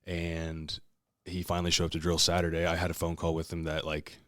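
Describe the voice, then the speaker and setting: A man's voice: low voice, brisk, no room sound, studio quality. A young man telling a story in casual chat, swearing freely and acting out what people said. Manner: profane, animated storyteller acting out quotes. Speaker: podcast co-host.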